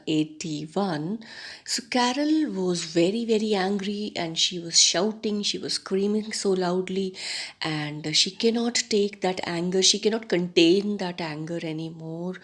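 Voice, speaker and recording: A woman teacher, explaining a story line by line to students with many pauses and rephrasings. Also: on the low side, fairly bright tone. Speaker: English teacher. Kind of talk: explaining a story text in class.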